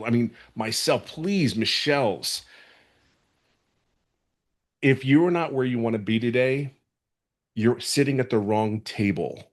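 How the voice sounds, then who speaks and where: A man in his fifties speaks from home over a video call, giving a heartfelt, motivational testimony. His voice sits at an ordinary middle pitch, and he talks with fervent sincerity, often breaking off and restarting his sentences. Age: 50s. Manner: fervent and earnest, with many restarts. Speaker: webinar guest giving a testimonial.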